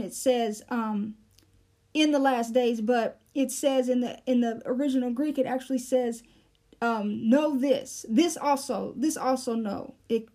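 A woman with a high, soft-toned voice leads a verse-by-verse Bible teaching. She explains the meaning of each Greek word at an unhurried pace, pausing often with fillers and restarting her phrases. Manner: explanatory, breaks down Greek words, frequent fillers.

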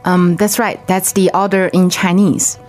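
A woman teaching in a podcast lesson, speaking slowly and carefully and repeating each phrase. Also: fairly low pitch, level tone, darkish tone, faint music behind. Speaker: language teacher, co-host. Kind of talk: slow lesson dialogue and drills.

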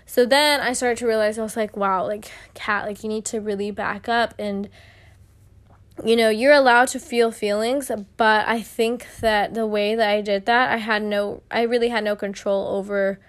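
A woman's voice: medium pitch, fairly even intonation, normal speed, clean tone. A young woman hosting a solo podcast, telling a story in a chatty way with lots of fillers and acted-out quotes. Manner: chatty, filler-heavy, acts out quoted exchanges. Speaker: podcast host.

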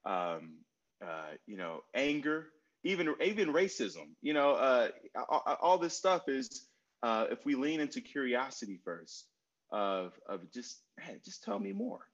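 A guest speaker on mental health, a man in his forties, gives long answers in a casual conversation, drifting into personal stories, repeating key phrases, and filling pauses with "um" and "you know." His mid-range voice is a bit bright, with big pitch swings. The recording sounds slightly muffled and lo-fi.

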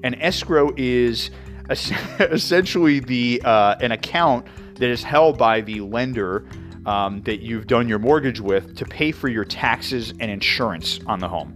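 Soft music plays behind this New York man as he hosts his mortgage show, using a medium-pitched, slightly bright voice at a measured pace. It's casual educational talk: he explains fees conversationally, with plenty of fillers and side remarks.

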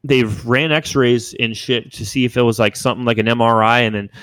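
Young male podcast host, casual emotional storyteller, dry close sound, mid pitch. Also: steady tone, fairly quick, fairly bright tone, no room sound. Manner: rambling, emotional storytelling with frequent swearing. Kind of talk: casual chat.

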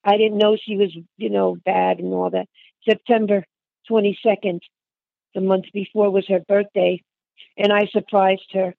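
An older woman talks through memories in a chatty way, calling the listener hon and honey as she goes. Her voice is gravelly, with a worn grain to it. The sound is tinny and phone-like, close and dry with no room around it. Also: mid-range voice, level tone, normal speed, no echo. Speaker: interviewee. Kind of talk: reminiscing conversation.

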